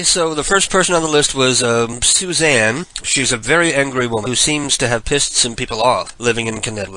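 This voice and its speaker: Bright-voiced man in his forties. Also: mid-range voice, poor audio. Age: 40s. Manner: rambling, self-mocking, chuckling storyteller. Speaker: prank call show host. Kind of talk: casual live radio monologue.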